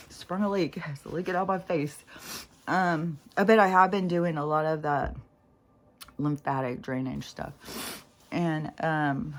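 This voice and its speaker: A woman with a notably deep, low voice talks to camera in a loose spiritual vlog. She meanders and reflects on herself, leaning on fillers. Her nose is runny. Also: fairly even intonation, takes it slowly, pauses often. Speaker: spiritual vlogger. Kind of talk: casual rambling monologue.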